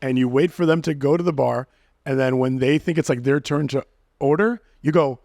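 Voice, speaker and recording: A man in casual podcast chat, talking fast and acting out pickup lines as he explains them. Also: medium pitch, a little mellow, dry recording, clean studio sound. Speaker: guest dating coach.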